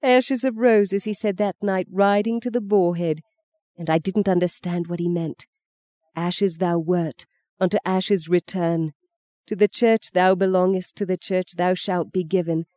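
A woman voicing a bitter, sharp-tongued middle-aged mother, speaking tartly and vehemently in an audiobook. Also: fairly low pitch, fairly even intonation, unhurried, no echo, close to an everyday voice. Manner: tart, vehement. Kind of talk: audiobook character reading.

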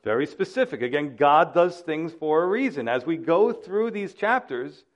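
Male pastor, fairly high voice, dramatic sermon delivery, lo-fi recording. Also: lively intonation, normal speed. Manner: dramatic, acts out quoted voices.

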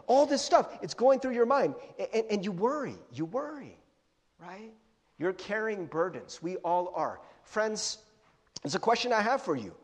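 A man's voice: high voice, moderate pace. A young adult man preaching a sermon as pastor, casual and joking, acting out little voices. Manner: animated, joking, acts out voices. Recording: long hall reverb.

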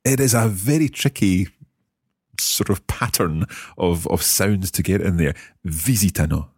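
A man's voice: low-pitched, unhurried, darkish tone, husky, no room sound, clean studio sound. A man hosting a language lesson podcast, patiently coaching a learner through verb drills. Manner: patient, encouraging, drills pronunciation. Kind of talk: teaching.

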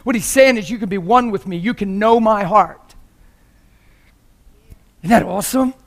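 This visiting church preacher has a high-pitched, creaky voice at normal speed. He preaches with passion and jokes, laughing often mid-sermon and sometimes speaking softly, sometimes loudly.

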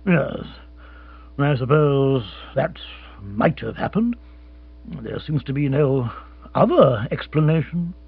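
A grim, morose hunter captain who speaks slowly and bluntly, as a male reader puts him on. The voice is husky and the sound tinny and phone-like, with mains hum behind. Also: medium pitch, lively intonation, exaggerated voice. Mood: grudging. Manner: blunt, grim, slow and deliberate. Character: gruff, morose middle-aged male big-game hunter captain.

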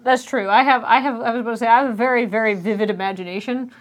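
A woman's voice: fairly high pitch, fairly even intonation, racing. A woman co-hosting a podcast, talking casually and upbeat, sprinkling in many fillers. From Victoria, Canada. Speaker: podcast co-host, illustrator. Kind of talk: casual chat.

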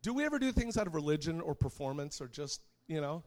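A middle-aged man preaching a sermon, telling a personal story in an animated way and laughing often. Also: a little high, quick pace.

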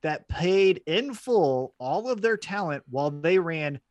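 A man's voice: fairly high pitch, unhurried, no room sound, highs cut off. A man co-hosting a wrestling podcast in casual chat, blunt and swearing freely as he tells stories. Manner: blunt, swears, animated storytelling.

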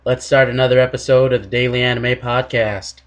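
A young man hosting a casual solo podcast, ranting with animated, exaggerated mock quotes. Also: mid-range voice, a little fast, a little hiss or hum. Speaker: podcast host.

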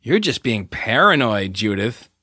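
A man voicing a confident young woman who speaks low, quiet and clipped. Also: very animated, unhurried, no room sound, studio quality, full character voice. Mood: calm. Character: cool, determined young woman, fearless.

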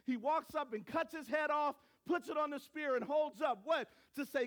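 High-voiced male pastor preaching. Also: normal speed, few pauses. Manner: storytelling, animated, acts out voices. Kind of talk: sermon.

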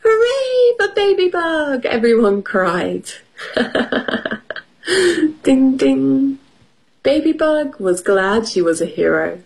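Woman, storyteller, children's story, slow, lively pitch, light laughs. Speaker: storyteller on a children's radio show.

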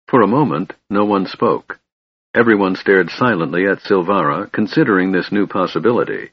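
Male audiobook narrator, husky, low voice, dry dull sound, steady reading. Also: normal speed, no room sound. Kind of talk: scripted fantasy narration.

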